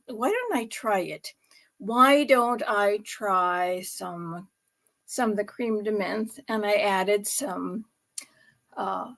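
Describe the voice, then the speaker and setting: A woman with a slightly high voice hosts a casual cooking vlog from her home set. She talks slowly and chattily, laughing often and breaking into exclamations. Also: fairly bright tone. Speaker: host making drinks at home.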